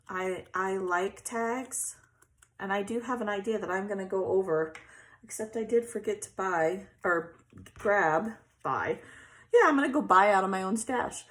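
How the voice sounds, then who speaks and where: A chatty woman, hosting a casual crafting tutorial and often checking in with "okay?". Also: medium pitch.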